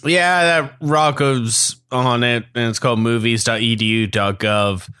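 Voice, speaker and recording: Bright-voiced joking man. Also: medium pitch, fairly even intonation, measured pace, clear, resonant tone. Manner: jokey, swears, stumbles and restarts. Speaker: podcast guest. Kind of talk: casual comedic banter.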